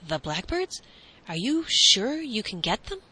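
A woman's voice: medium pitch, lively intonation, normal speed, pushed and bright, low-quality recording. A woman voicing a big, anxious male royal cook in a storybook reading. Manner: anxious, fussy.

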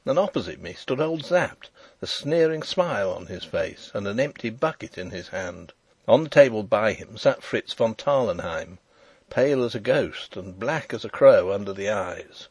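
A man narrating an audiobook chapter in expressive storytelling style. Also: fairly low pitch, slightly rough, dry recording. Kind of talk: scripted narration.

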